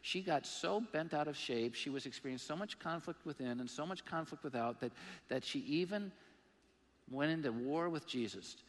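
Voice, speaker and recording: Male pastor, slightly high voice, emphatic and self-mocking sermon delivery, echoing church hall. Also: moderate pace. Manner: animated, emphatic preaching with self-deprecating humor. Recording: long reverb of a large hall.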